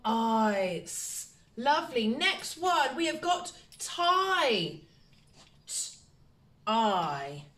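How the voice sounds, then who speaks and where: Woman, primary teacher, slow and sing-song with a lively pitch, praises a lot, sounds out letters. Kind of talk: phonics lesson for young children. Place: home, recorded for online learning.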